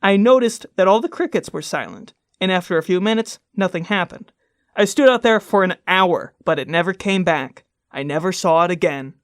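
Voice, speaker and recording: A woman co-hosting a comedy podcast, reading a spooky story aloud and then joking about it in animated bursts. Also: fairly low pitch, normal speed, no room sound, clean studio sound. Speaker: podcast co-host.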